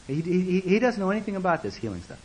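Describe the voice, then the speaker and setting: A man preaching a sermon as a story, animated and repeating words, acting out the voices of the people in it. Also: high voice, racing, a little hiss or hum, rough recording.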